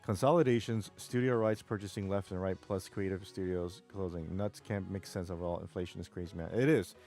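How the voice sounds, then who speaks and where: A man's voice: deep voice, fairly even intonation, fairly quick, darkish tone, soft background music. A man with a New York accent, chatting casually on a live stream while gaming, rambling and reading chat aloud.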